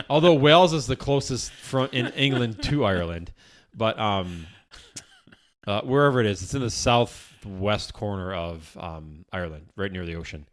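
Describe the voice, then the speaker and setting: Man, podcast co-host, rambling casual chat, slightly low voice, restarts a lot, swears now and then, recorded in an office. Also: moderate pace.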